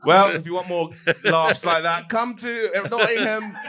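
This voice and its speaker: Playful giggly guy co-hosting a live podcast, slow talker, super bright voice. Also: high voice. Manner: giggly, playful, self-deprecating. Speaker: podcast co-host and improv performer. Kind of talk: live comedy podcast chat. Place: comedy venue stage before a live audience.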